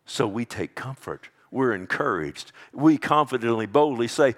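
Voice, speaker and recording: A middle-aged male pastor delivers a sermon in a mid-pitched voice. He pulls down into soft, slow, almost whispered lines and then rises into loud, emphatic declarations, his delivery swinging widely. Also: expressive.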